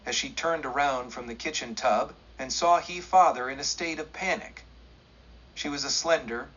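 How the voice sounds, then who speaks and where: A man narrating a western audiobook in a steady, measured way. His voice is husky and sits at a medium pitch. The lo-fi recording sounds dull.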